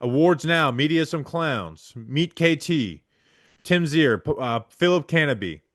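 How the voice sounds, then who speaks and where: A man hosting a podcast, reading supporter names aloud in quick succession and stumbling over the hard ones. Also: on the high side, lively intonation, fairly bright tone, dry recording, clean studio sound. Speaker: podcast host.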